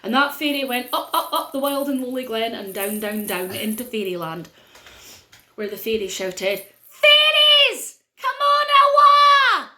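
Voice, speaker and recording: A middle-aged woman with a North-East Scottish accent telling a story to children in a playful way, with dramatic pauses. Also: mid-range voice, a bit bright, roomy sound, slight background noise.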